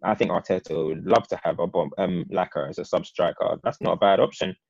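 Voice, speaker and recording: A man co-hosting a casual football chat, talking in long, animated, opinionated runs. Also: deep voice, brisk, vocal fry, no room sound, highs cut off.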